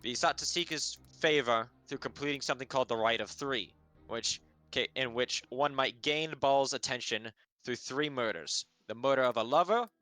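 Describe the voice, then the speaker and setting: A man's voice: medium pitch, normal speed, bright, forceful tone, faint music behind, pitched above the performer's own voice, close to an everyday voice. Man doing a mock New Jersey tough-guy detective. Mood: explaining. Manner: swaggering, emphatic.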